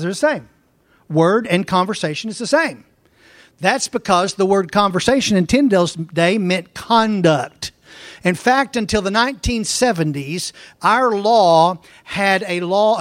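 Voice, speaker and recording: A man pastor preaching a sermon, telling folksy stories and slowing down to read scripture verse by verse. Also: sits high, fairly bright tone, no room sound.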